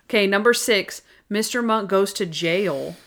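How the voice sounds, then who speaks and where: A woman's voice: medium pitch, a little slow, fairly bright tone. A young woman co-hosting a casual podcast, chatty and full of "like" fillers. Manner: chatty, frequent "like" fillers, laughs at own jokes. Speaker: podcast co-host. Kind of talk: casual chat.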